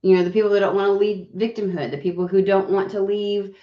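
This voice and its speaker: A woman's voice: medium pitch, fairly even intonation, quick pace, lo-fi sound. Sniffly woman tarot reader, roomy sound. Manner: rambling, swearing, many fillers. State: recovering voice, sniffly. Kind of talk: casual chat and card reading.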